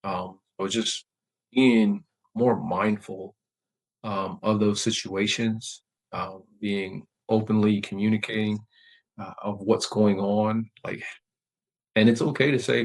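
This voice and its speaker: A man and military veteran speaking candidly as a podcast guest, reflective and measured, often pausing with fillers and restarts. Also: lowish voice, fairly even intonation, rough recording. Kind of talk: candid conversational interview.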